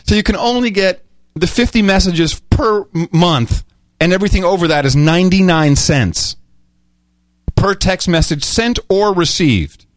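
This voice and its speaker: A middle-aged man co-hosting a casual podcast, telling stories in a rambling, animated way. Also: high-pitched, moderate pace, no room sound. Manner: rambling, animated storytelling, with many restarts. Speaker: podcast host. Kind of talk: casual chat.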